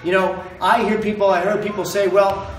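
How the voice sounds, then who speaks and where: A man's voice: high voice, little pitch movement, brisk, echoey room, distant mic, a little hiss or hum, rough recording. A man running for governor, giving an impassioned campaign speech to a committee and repeating lines for emphasis. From Maine. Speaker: political candidate.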